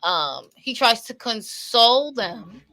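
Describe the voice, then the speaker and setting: A woman's voice: on the high side, animated, takes it slowly, sharp tone. A woman casually recapping a movie scene, repeating herself and swearing freely, with a vernacular lilt. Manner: profane, repetitive, opinionated retelling. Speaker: movie commentator. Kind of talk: casual movie reaction commentary.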